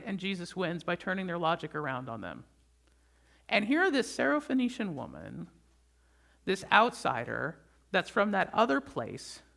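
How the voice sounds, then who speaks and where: A pastor preaching a conversational sermon, often checking in with the congregation with a quick "right?". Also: mid-range voice, vocal fry, fairly bright tone.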